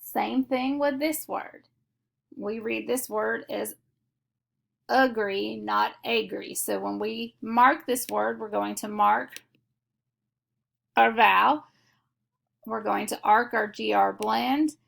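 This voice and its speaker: A woman teaching a phonics lesson, explaining each step slowly and methodically. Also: on the high side, steady tone, creaky, a bit bright. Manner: slow, deliberate, methodical explanation.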